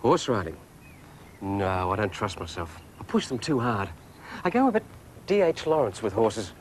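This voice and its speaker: A man's voice: fairly low pitch, big pitch swings, normal speed. An actor playing a pompous city man who bluffs about the country and car engines, airy and know-all. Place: inside a moving car. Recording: car engine noise behind. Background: engine noise.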